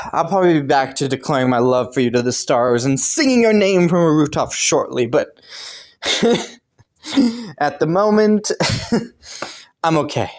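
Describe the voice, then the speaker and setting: A man voicing Killua as a devoted young boyfriend in a romantic listener role-play audio, talking softly with many sighs and little laughs. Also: a little high, lively intonation, a little slow, pauses often. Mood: tender teasing. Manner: soft, sighing, breathy little laughs. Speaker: voice actor.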